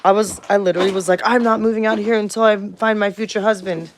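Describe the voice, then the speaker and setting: A woman's voice: mid-range voice, fairly even intonation, fast, slight background noise. A woman in her thirties livestreaming from home at night, talking bluntly and heatedly with lots of swearing, and cooing baby talk to her dog. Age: 30s. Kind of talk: casual livestream rant.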